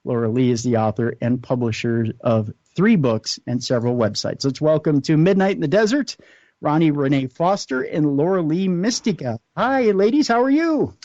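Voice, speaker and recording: A man's voice: mid-range voice, moderate pace, darkish tone, no echo. Man hosting late-night radio, dull lo-fi line. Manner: earnest, unscripted, searching for words mid-sentence. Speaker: radio talk show host. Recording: dull lo-fi radio audio, dry.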